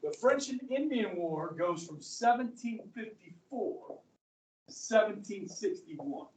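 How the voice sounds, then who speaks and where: A man's voice: high-pitched, expressive, takes it slowly, a little mellow, recorded from a distance. A middle-aged male history teacher lecturing a class in a chatty way, often checking in with his students. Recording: echoey classroom, voice from afar.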